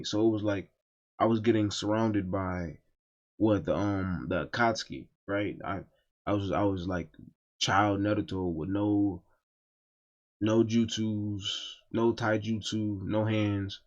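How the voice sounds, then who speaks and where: A man's voice: lowish voice, steady tone, measured pace, lo-fi sound. A man telling a personal story in a casual, profane and emphatic storytime monologue.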